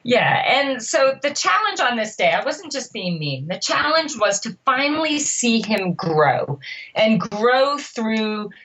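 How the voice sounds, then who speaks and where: A middle-aged woman with a fairly high voice tells a podcast story with animated, emphatic energy. She speaks as a triathlon coach who punches her key words. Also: takes it slowly, dull audio.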